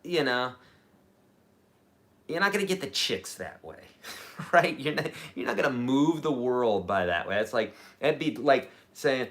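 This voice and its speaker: A man teaching a live-streamed guitar lesson, chatty and energetic, with lively jumps in pitch and loudness. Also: a little slow. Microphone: camera mic.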